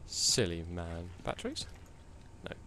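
A man's voice: low-pitched, wildly swooping pitch, slow, sharp tone, slight background noise. A man giving jumpy, cursing commentary on a horror game, yelping at scares. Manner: jumpy, swears and yelps at scares. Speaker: let's play gamer.

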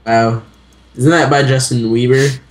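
A man's voice: medium pitch, fairly even intonation, unhurried. A man giving casual, teasing commentary while playing a game with a friend. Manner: teasing, banters. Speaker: gamer.

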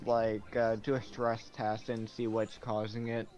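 A man's voice: fairly low pitch, little pitch movement, measured pace, a little mellow, highs cut off. A man chatting casually on a game stream, hesitant and full of fillers. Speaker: stream guest. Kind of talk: casual gaming chat.

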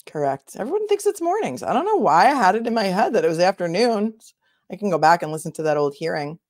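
A woman's voice: on the low side, sing-song, fast, darkish tone, dry recording, studio quality. A woman attorney hosting a casual livestream, chatting and answering viewer comments as she thinks aloud.

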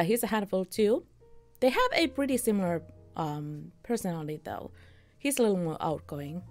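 A woman streamer giving chatty, upbeat commentary while playing a game, chuckling often. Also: a little high. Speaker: let's play streamer. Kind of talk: casual gameplay commentary.

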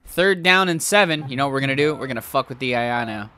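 A young man commentating his own video game play, swearing and shouting at the game in bursts. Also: mid-range voice, fast. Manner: excitable, profane, yells at the game. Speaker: gaming YouTuber.

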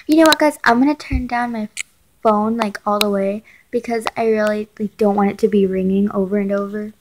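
A woman's voice: medium pitch, fairly even intonation, fairly quick, background noise. A woman reading a chat story who stops to comment and talks casually to her viewers, often saying "like.". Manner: chatty, filler-heavy, talks to viewers.

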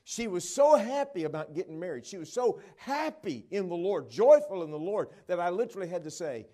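Animated preaching man, hushed to loud. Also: sits high, brisk. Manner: swings from hushed to loud and excited, acts out quoted voices. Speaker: traveling evangelist preacher. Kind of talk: sermon with storytelling. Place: church sanctuary at a conference. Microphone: wearing a microphone.

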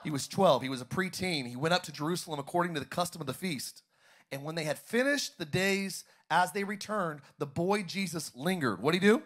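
A man's voice: a little high, animated, a little fast, fairly bright tone. Man preaching with call-and-response. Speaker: pastor. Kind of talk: sermon. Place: large church auditorium.

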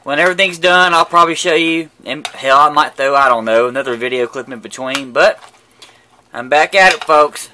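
A man's voice: a little high, moderate pace, bright, forceful tone, a little hiss or hum. A man chatting casually while cooking outdoors at a grill, crude and joking, stumbling over his words. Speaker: cooking vlogger. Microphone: camera mic.

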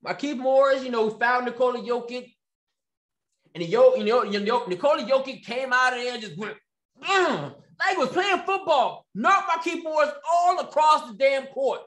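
A man's voice: very high-pitched, expressive, moderate pace, fairly bright tone. A man hosting his own commentary show, ranting with sarcasm and repeating phrases for emphasis. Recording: echoey room.

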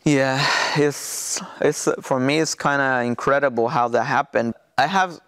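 Speaking in hesitant second-language English marked by restarts and fillers, a pastor from Mexico recounts his testimony during an interview, his Mexican Spanish accent clear. The voice sits mid-range, slightly bright and smooth, captured at studio quality with no room sound.

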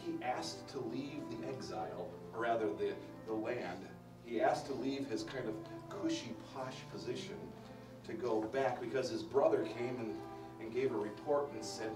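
A man preaching a Bible study sermon, lively and emphatic, asking the congregation questions and restarting his sentences. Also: medium pitch, moderate pace, over loud music. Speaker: pastor teaching a Bible study. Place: church hall. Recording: roomy live-stream audio from a distance.

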